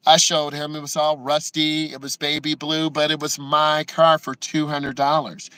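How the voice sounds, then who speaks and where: This man, a driving instructor, recounts personal stories on camera, close to tears, performing quotes and sprinkling in frequent "right?" asides. His voice sits on the high side, fairly bright and smooth, with little pitch movement, normal speed, and hardly any pauses. The recording is rough, though without echo.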